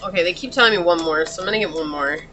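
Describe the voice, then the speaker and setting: A woman's voice: lowish voice, racing, a bit bright, a little hiss or hum, low-quality recording. A woman giving a tarot reading in a chatty, casual way, talking straight to the viewer and laughing often. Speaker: tarot reader.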